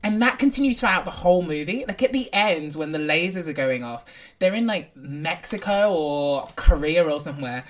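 A woman co-hosting a casual film podcast, animated and opinionated. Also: deep voice. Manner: animated, opinionated, quick asides. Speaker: podcast co-host.

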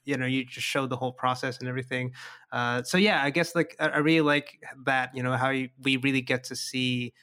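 A man's voice: medium pitch, fairly even intonation, pushed and bright, smooth. A man hosting an interview, asking long questions with frequent restarts and fillers. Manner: halting, many restarts and fillers. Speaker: podcast host, interviewer.

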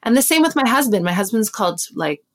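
A woman with a North American accent chatting as an interview guest, telling stories in a relaxed way. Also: a little high, quick pace. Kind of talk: casual interview chat.

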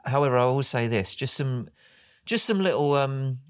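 A man's voice: mid-range voice, animated, moderate pace, clear, resonant tone, no room sound, studio quality. Rambling, hesitant male podcast co-host. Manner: rambling storyteller with hesitations and laughs. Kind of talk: casual chat.

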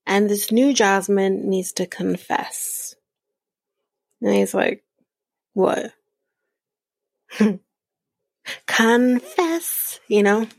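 Woman podcast host, snarky recap, husky voice, slow delivery, dry close mic. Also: mid-range voice, little pitch movement, a little mellow, no echo. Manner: snarky, swears, laughs often, acts out quotes. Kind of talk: casual recap chat.

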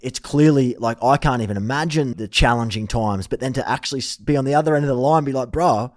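A man's voice: mid-range voice, fast, a little mellow. An Australian man hosting a podcast who asks questions in a casual, enthusiastic and sweary way. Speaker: podcast host. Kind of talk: casual interview.

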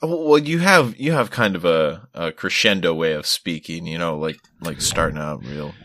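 A man co-hosting a casual podcast over a remote call. His voice is very low but swings widely as he jokes and rambles. The sound is dry and close. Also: lively intonation, moderate pace, fairly bright tone, dry recording. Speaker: podcast co-host. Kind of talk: casual chat. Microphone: remote call recording.

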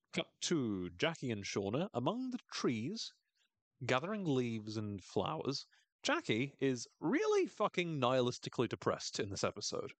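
In a medium-pitched voice with no echo, a man casually recaps a TV episode for his podcast. He's wry and talkative, laughs frequently, and imitates characters in comic voices.

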